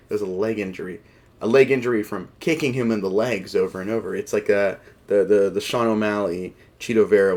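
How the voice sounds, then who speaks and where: This MMA show host has a lowish, darkish voice and speaks a little fast with fairly even intonation. His casual commentary rambles, full of fillers and wry, self-mocking asides, and he jokes and laughs at himself.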